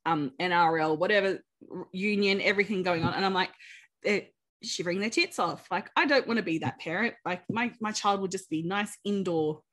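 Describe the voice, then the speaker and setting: A woman's voice: fairly low pitch, fairly quick, a bit bright. A woman co-hosting a casual chat, joking in a chatty way. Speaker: podcast co-host.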